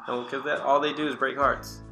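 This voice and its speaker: A man co-hosting a casual sports podcast, laid-back and quick to laugh. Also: mid-range voice, little pitch movement, bright, forceful tone, soft background music. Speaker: podcast co-host.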